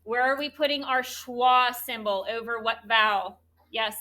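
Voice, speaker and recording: A woman teaching a third grade spelling lesson, spelling words out slowly and clearly letter by letter. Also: on the high side, bright, forceful tone.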